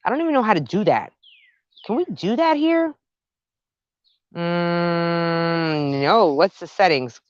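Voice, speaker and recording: An excitable woman walks through her backyard garden filming on her phone and chatting the whole way. Her slightly low voice swoops up and down as she gushes over her plants. The audio is dry and a little muffled. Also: takes it slowly, pauses often, no room sound. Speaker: gardening vlogger. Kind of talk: casual walk-and-talk vlog.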